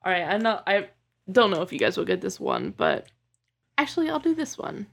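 A young woman bantering excitably and swearing freely while guessing quotes in a drinking game. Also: mid-range voice, fairly quick, creaky, breathy edge.

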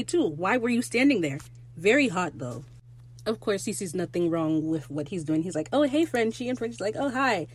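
A young woman hosting a casual solo podcast, gushing and excitable as she recaps a TV episode and quotes characters in quick asides. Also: on the low side.

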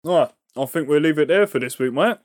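Higher-voiced podcast co-host. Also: male voice, animated, no echo, clean studio sound. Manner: laughs easily, quick reactive replies. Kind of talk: casual chat.

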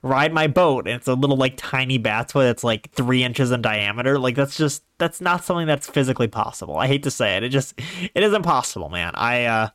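A man's voice: mid-range voice, fast talker, no room sound, studio quality. A man in his twenties from Northeast Ohio, hosting his own podcast and rambling through a casual solo monologue. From Northeast Ohio, USA. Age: 20s. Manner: rambling, animated storytelling. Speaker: podcast host.

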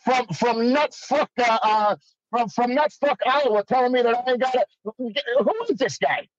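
A man's voice: extremely high pitch, moderate pace, dry recording. A man hosting a comedy show, taunting and mocking a caller with profane trash talk. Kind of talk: trash-talking comedy banter. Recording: dull dry lo-fi sound.

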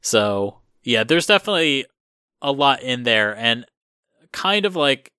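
A man's voice: mid-range voice, sing-song, unhurried, sharp tone, clean tone, no room sound, studio quality. A man hosting a casual podcast chat, rambling with lots of fillers and restarts. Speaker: host.

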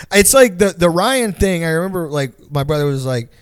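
A man's voice: sits high, no room sound, studio quality. A young man telling stories in a casual chat, rambling and profane, full of "like" and slang. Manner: rambling, profane storytelling with lots of "like". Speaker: podcast co-host.

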